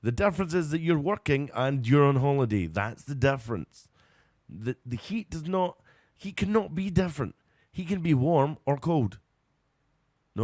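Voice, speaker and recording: Giggly Scottish man with a lively voice. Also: medium pitch, dry recording, studio quality. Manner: giggly, rambling and playful. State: tired. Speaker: radio show host. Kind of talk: casual live radio chat.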